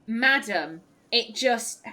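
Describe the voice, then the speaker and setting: A woman's voice: a little high, expressive, extremely slow, sharp tone. Exasperated woman ranting over gameplay. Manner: ranting, exasperated, swears freely. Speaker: let's play host. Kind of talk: gameplay commentary.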